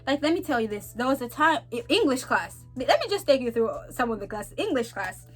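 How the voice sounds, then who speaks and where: Lively young Zambian woman. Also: sits high, a little fast, soft background music. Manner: animated, laughing, acts out voices. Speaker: vlogger. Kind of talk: casual storytelling to camera.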